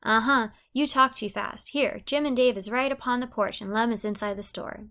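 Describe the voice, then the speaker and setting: A woman reading the part of a joking man who flatters and teases a young woman in rural dialect. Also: fairly high pitch, normal speed. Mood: teasing.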